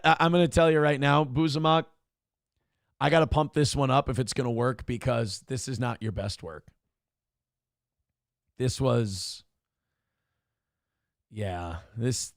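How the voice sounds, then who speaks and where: A man's voice: medium pitch, no room sound, studio quality. A man hosting a live-stream show casually, reading viewer comments aloud and joking crudely. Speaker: host.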